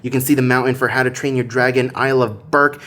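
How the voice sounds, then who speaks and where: Chatty, excitable man touring a hotel room. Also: fast. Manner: chatty, easily excited, jumps up in pitch when surprised. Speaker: theme park vlogger.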